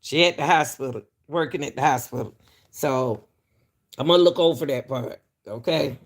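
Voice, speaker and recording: A woman's voice: rumbling low, normal speed. A woman hosting an online commentary show, talking straight to her viewers in a chatty way and chuckling between points. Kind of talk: casual commentary.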